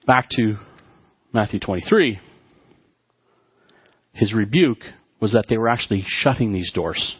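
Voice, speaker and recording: A man preaching a sermon to his congregation, often halting and restarting his words as he talks. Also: on the low side, animated, breathy edge, no echo, muffled recording. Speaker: pastor.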